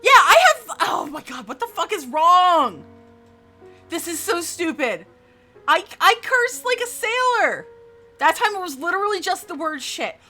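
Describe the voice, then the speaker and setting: A woman's voice: extremely high pitch, sing-song, moderate pace, sharp tone, faint music behind. A woman from New Jersey streaming live in a casual chat, cursing often and restarting her sentences. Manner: frustrated, swears freely, lots of restarts.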